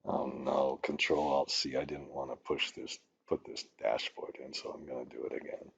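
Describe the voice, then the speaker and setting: A man's voice: rumbling low, flat delivery, normal speed, vocal fry, husky, no room sound, muffled recording. An older man teaching a spreadsheet tutorial, rambling and ranting, with swearing when annoyed. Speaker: instructor. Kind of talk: screen-recorded spreadsheet tutorial.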